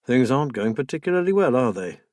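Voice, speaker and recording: A man voicing a weary, blunt middle-aged male detective in an audiobook, gruff and frustrated. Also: mid-range voice, sing-song, fast talker, darkish tone, no room sound, lightly acted.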